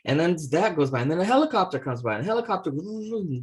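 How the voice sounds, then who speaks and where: A man co-hosting a talk show, telling a story in a casual, halting way, full of restarts, and acting out the people in it. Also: fairly high pitch, very animated, slightly rough. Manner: halting, many restarts and fillers, acts out the voices in his story. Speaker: podcast co-host.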